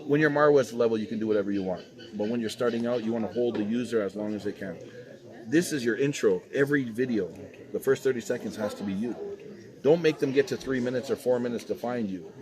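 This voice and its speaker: A man's voice: medium pitch, fast. A man coaching a beginner on making videos, talking directly and encouragingly. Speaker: YouTube coach giving advice. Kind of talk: casual coaching chat. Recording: crowd noise behind. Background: crowd.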